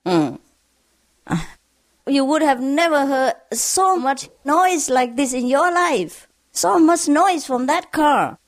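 A woman's voice: high-pitched, big pitch swings, slow, no echo, clean studio sound, pitched above the performer's own voice, exaggerated voice. Woman doing an exasperated car owner. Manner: exasperated complaining. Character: friend grumbling about a noisy old car.

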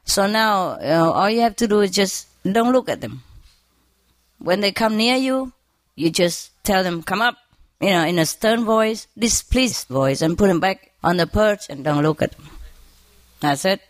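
A woman tells lively stories about her pets in a casual, chatty way. She laughs often and acts out little bits of what the animals say. Her voice sits in an ordinary middle range for a woman. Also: medium pitch, unhurried, no echo. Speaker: bird owner. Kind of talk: casual storytelling.

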